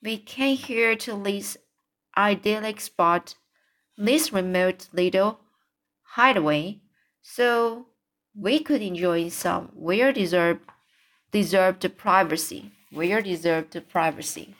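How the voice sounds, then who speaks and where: A woman's voice: mid-range voice, slow pace, a bit bright. A woman reading the lines of a proud, indignant male cock swan who complains stiffly in a storybook.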